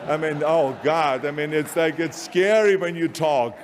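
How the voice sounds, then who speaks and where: A man with an Austrian accent voicing a dismissive, mocking male Hollywood agent who scolds him in rapid disbelief. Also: mid-range voice, a little hiss or hum, close to an everyday voice.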